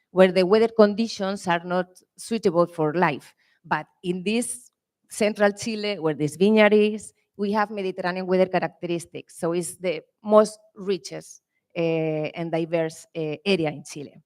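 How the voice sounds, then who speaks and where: A woman from Spain with a strong Spanish accent, speaking English as a panelist at a conference, earnest and halting with frequent "eh" fillers. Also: lowish voice, a little mellow. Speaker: winery panelist. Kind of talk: conference talk. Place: conference room.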